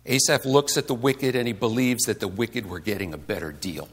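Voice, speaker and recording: A man's voice: lowish voice, fairly quick. A man giving a conversational sermon to a congregation, asking rhetorical questions and acting out the complaints he quotes. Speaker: pastor.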